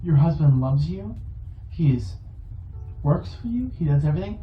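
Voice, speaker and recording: A woman's voice: fairly low pitch, expressive, fairly quick, soft background music. A woman ranting mockingly in a played clip, sarcastic and swearing, with exaggerated fake crying. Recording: distant, roomy, dull played-back clip.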